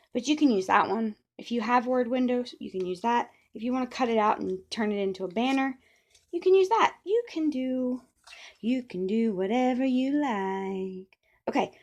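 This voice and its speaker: A middle-aged papercraft demonstrator talks her way through a relaxed tutorial, wandering off into playful tangents as she works. She speaks at medium pitch with a slightly mellow voice.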